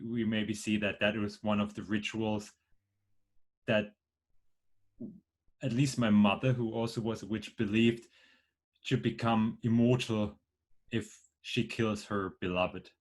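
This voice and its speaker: Slow-talking man in a role-play. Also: on the low side, little pitch movement. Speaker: player.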